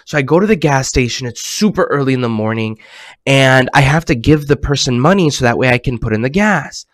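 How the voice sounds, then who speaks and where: A man hosting a children's program over a video call, talking animatedly and swinging between hushed and excited tones. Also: mid-range voice, brisk, no room sound, clean studio sound.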